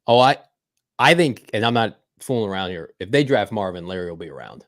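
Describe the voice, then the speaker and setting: A man co-hosting a casual sports podcast, playful and animated, acting out little scenes as he talks. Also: on the low side, fairly quick, dry recording, studio quality. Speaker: podcast co-host.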